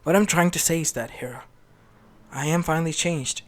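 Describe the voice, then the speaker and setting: A man's voice: fairly high pitch, a little fast, close to an everyday voice. A man voicing a remorseful male king of the gods in a fan story, with an earnest, apologetic manner and faint lofi music behind.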